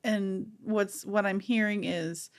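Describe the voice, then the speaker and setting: A woman co-hosting a podcast, telling a long story in casual chat, animated and rambling with many fillers. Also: mid-range voice, takes it slowly. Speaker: podcast co-host.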